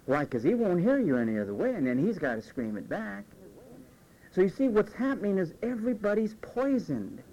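Male pastor, fairly high voice, very lively pitch, conversational sermon acting out voices. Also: fairly quick, highs cut off. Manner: animated, acts out quoted voices.

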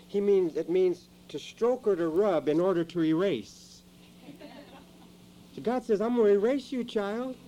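Man preaching, dramatic swings from low to loud, warm mellow tone, faint hum behind. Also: poor audio. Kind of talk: sermon. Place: church.

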